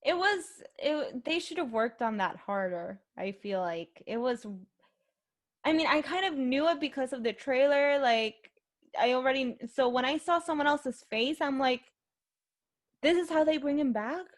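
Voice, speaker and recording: High-pitched young host, rambling movie chat, lots of likes and ums. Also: female voice, animated, moderate pace. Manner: rambling, filler-heavy, emotional. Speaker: podcast host. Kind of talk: casual movie review chat.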